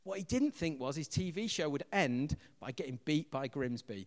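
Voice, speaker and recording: An English man preaching a sermon as pastor, an animated storyteller who acts out quotes loudly. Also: a little high, a little fast, gravelly, few pauses, long reverb tail. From England.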